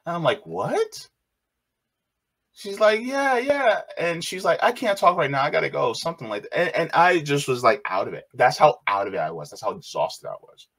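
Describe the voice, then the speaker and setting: A man casually telling a personal story on his channel, animated and repeating phrases, quoting others in a raised voice. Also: on the high side, fairly quick, creaky, hardly any pauses. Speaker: video host.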